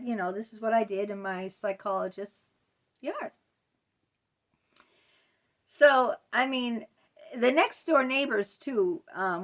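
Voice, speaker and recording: A middle-aged woman speaks straight to camera in a personal storytime vlog. Her voice sits at a middle pitch, loose and conversational, full of fillers. She sounds indignant as she talks. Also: fairly bright tone. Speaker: vlogger.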